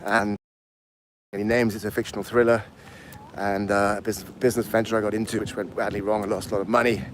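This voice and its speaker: A man's voice: fairly low pitch, little pitch movement, fast, a little hiss or hum. A man in his fifties with a mixed English accent, out of breath while walking uphill outdoors and chatting on a live stream. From England. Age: 50s. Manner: rambling, answers chat comments aloud. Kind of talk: casual live stream chat.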